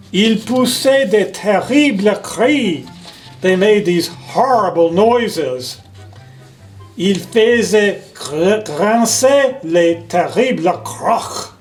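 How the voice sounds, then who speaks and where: A man's voice: sits high, low-quality recording. A man reading a picture book aloud to children, going through each page in French and then in English, and stopping to point out what is happening in the pictures. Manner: gentle, explains the pictures to children. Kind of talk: children's storytime read-aloud.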